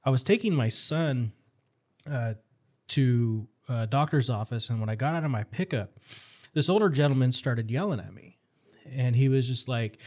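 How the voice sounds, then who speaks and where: A man's voice: medium pitch, lively intonation, normal speed, darkish tone. A middle-aged man talks on a podcast as a firearms instructor guest. His voice sits mid-range, and he talks bluntly and with animation. He builds his stories toward rallying calls. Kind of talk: casual podcast conversation.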